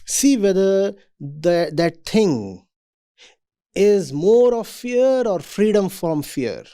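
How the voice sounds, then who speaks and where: A man speaks to a room of students in a calm, deliberate lecture. His voice is mellow and warm, and he lands each point with emphasis before asking a rhetorical question. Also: sits high. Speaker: spiritual teacher. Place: university event hall.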